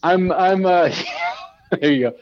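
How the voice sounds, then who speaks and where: Halting joking man, dull dry sound. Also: sits high, no room sound. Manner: halting, joking, many fillers and restarts. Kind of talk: casual chat.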